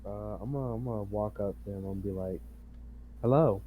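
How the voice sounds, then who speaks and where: A man's voice: on the low side, steady tone, fast talker, dark tone, slight background noise. Hesitant male tabletop player. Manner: hesitant, lots of um and like. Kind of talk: casual tabletop play.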